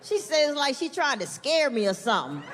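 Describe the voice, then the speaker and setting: A woman performing stand-up on a live stage. Her voice sits high and swings widely as she acts out the people in her story, swearing freely. The recording has a long hall echo, with a faint crowd and faint noise behind her. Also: normal speed. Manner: animated, profane, acts out voices of others. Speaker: stand-up comedian. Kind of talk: stand-up comedy routine. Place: comedy stage before an audience.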